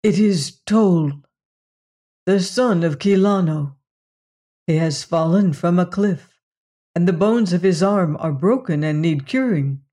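A reader voicing a gentle, sorrowful alien villager who speaks in formal, old-fashioned phrases, in an audiobook story. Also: mid-range voice, takes it slowly. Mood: sorrowful, pleading. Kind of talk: audiobook reading.

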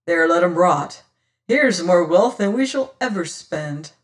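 A reader voicing a shrewd, whimsical old sea rover who speaks in archaic seafaring talk and sometimes drops to a hush, heard from a distant mic. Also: medium pitch, expressive, a little slow, natural voice. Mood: hearty. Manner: archaic seafaring speech, hushed at times. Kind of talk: audiobook character reading.

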